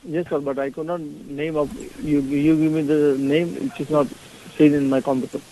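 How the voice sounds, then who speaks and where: A motel desk clerk, a man, answers in a somewhat high, mellow voice. He is polite and formal, but his comes out halting as he searches for words. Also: flat delivery, a little hiss or hum, poor audio. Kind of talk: phone conversation.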